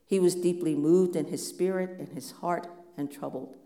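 Pastor preaching slow and thoughtful, lots of rhetorical questions, warm tone, roomy church echo. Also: mid-range voice, fairly even intonation. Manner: measured, reflective, many rhetorical questions. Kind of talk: sermon.

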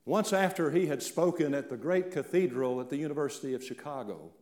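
A male pastor from central Appalachia preaching a sermon, swinging from loud declarations down to hushed, almost whispered lines. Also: on the high side, fairly quick. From central Appalachia, Virginia and eastern Kentucky. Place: church sanctuary. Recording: echoey church room.

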